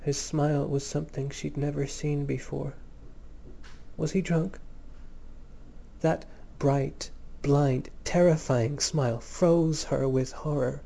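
A man reads a story aloud in a measured, gentle way. His voice is dark and mellow, and he takes his time over every line. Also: a little high, fairly even intonation, creaky. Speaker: narrator. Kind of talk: scripted audiobook narration.

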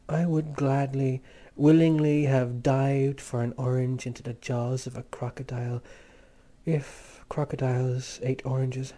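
A man reading a literary story aloud in a measured, lyrical manner. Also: mid-range voice, level tone, warm tone. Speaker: audiobook narrator. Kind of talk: literary narration read aloud.

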